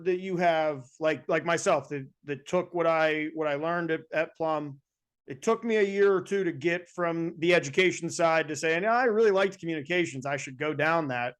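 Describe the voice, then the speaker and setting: High-voiced man hosting a chat. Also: moderate pace. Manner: relaxed, chatty questions. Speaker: podcast host, former student. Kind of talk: casual interview chat.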